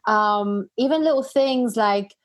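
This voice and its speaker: A woman whose first language is not English, hosting a podcast and telling stories in a chatty, animated way. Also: on the high side, slow. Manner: chatty, animated storytelling with frequent restarts. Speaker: podcast host. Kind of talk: casual conversational interview.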